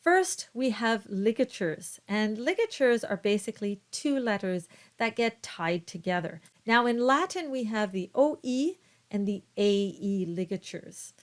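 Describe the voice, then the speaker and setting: Slow, careful woman teaching choir diction. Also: medium pitch. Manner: careful, deliberate demonstration of vowel sounds. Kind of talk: instructional explanation with sung-like example words.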